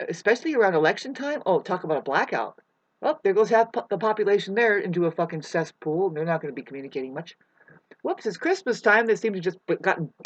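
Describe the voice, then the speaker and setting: Speaking into a webcam, a woman who calls herself an influencer wanders from topic to topic in a husky, medium-pitched voice, with wordless chanting and the odd swear. The sound is lo-fi but echo-free.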